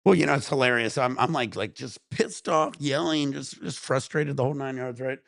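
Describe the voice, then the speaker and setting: Clearly high, this male vlog host drifts through a relaxed, casual chat, cursing often at a fairly quick clip. There's a creaky, gravelly grain to his voice. The mic sits close and dry, without echo or any sense of the room.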